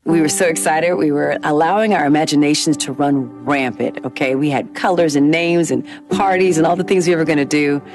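A woman's voice: deep voice, fairly even intonation, a little fast, few pauses. A woman giving an earnest, reflective personal testimony in an interview. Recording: music bed underneath.

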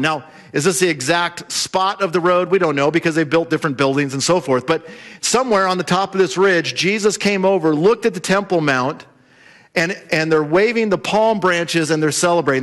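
Male pastor, high voice, animated sermon storytelling in church.

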